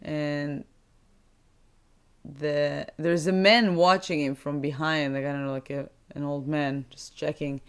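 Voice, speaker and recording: Smooth-voiced woman retelling a film. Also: low-pitched, flat delivery, measured pace. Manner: searches for English words, asks how to say them; chatty, retells scenes with laughs. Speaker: podcast co-host. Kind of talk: casual movie recap chat.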